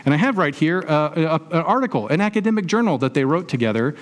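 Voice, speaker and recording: A man's voice: a little high, lively intonation, fast talker. Conversational man preaching a sermon. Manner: conversational preaching with rhetorical questions and everyday examples. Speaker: pastor.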